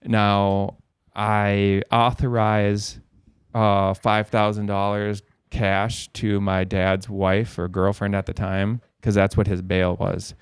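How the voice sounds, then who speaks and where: A man's voice: lowish voice, little pitch movement, slow, clear, resonant tone, dry recording, clean studio sound. A man as a podcast guest, telling a long story in a rambling way, swearing a lot. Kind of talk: casual storytelling.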